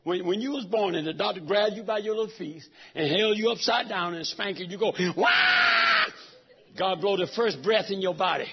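Middle-aged preacher, very high raspy voice, dull lo-fi church recording. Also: male voice, brisk, few pauses, a little hiss or hum. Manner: preaches fervently, swinging from soft talk to shouts. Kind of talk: sermon. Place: church sanctuary.

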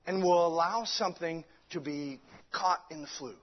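A man's voice: a little high, normal speed. A man preaching a sermon with fervent delivery, stumbling over restarts and many fillers. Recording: dull lo-fi recording.

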